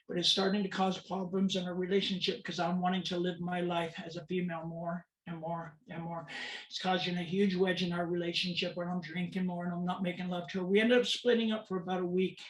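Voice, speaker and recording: A woman's voice: fairly low pitch, flat delivery, fairly quick, roomy sound, poor audio. A woman, telling her personal story as a guest speaker in an emphatic, repetitive way. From Southern California, USA. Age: 50s.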